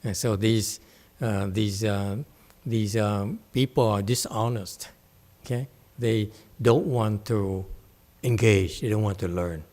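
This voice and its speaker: A low-pitched man teaches a meditation class in a relaxed, conversational way. He keeps pausing to check that students follow and slips into playful asides. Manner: conversational, frequent "okay?" check-ins, playful. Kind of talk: dharma talk with class questions.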